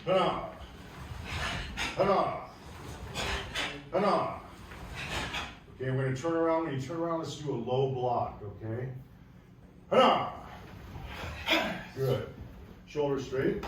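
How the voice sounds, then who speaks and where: A man with a Southern US accent teaching a martial arts class, explaining calmly and barking loud counts. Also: mid-range voice, a little fast, background noise. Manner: calm explaining, with loud barked commands. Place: large echoey training hall. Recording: echoey hall, voice from far off.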